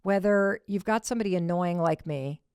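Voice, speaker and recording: Speaking at a moderate pace, a woman in her fifties from Michigan hosts a podcast and recounts a personal story expressively, with whispered asides and casual profanity. Her lowish voice sounds a little mellow and clean, recorded in a clean studio with no room sound.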